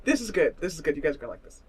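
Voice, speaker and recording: A woman's voice: lowish voice, husky. A woman narrating as game master of an online tabletop role-playing game, telling the story in a playful, giggly way with flowery descriptions. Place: online voice call.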